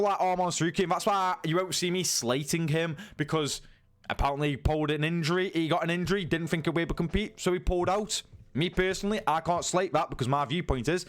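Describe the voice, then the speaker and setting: A man giving a casual, incredulous and sweary rant as a sports news YouTuber. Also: on the high side.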